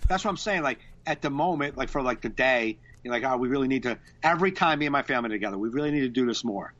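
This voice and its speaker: A man's voice: mid-range voice, animated, fast, a bit bright, no room sound. A man co-hosting a podcast in casual chat, agreeing often and joking along. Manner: frequent agreeing backchannels, joking. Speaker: podcast co-host. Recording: slightly dull lo-fi mic.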